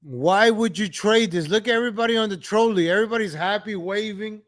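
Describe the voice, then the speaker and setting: Reacting to old street footage, a man speaks a little fast in a voice that sits high. He rants in exasperation, circling back to the same phrases over and over.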